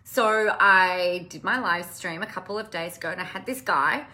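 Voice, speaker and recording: A woman's voice: on the low side, moderate pace, pushed and bright. A woman business coach talking casually to camera, impassioned and blunt, swearing freely. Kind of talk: casual live-stream talk to camera.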